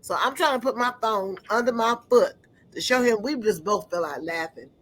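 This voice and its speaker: A woman with a mid-range voice gives an earnest personal testimony, frequently pausing as she searches for words. The recording is rough.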